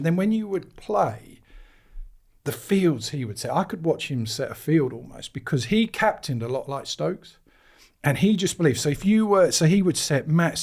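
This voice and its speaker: A middle-aged man from England tells long, rambling cricket-dressing-room-style anecdotes in an easy conversational way. He gets animated as he goes, with lively swings in pitch, and often breaks into laughter. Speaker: guest, cricket managing director. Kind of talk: casual storytelling chat.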